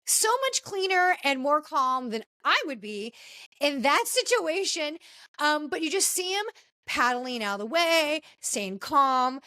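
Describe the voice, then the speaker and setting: A woman hosting a podcast, telling stories in a casual, animated way with frequent exclamations. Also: sits high, measured pace, no room sound. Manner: animated storytelling, exclaiming often. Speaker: podcast host.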